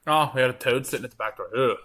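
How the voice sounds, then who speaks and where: Man, storm-chasing livestream host, bright clear tone, casual rambling chat, at home on the couch. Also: mid-range voice, very fast. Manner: relaxed, rambling, chatting with viewers. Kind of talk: casual live-stream commentary.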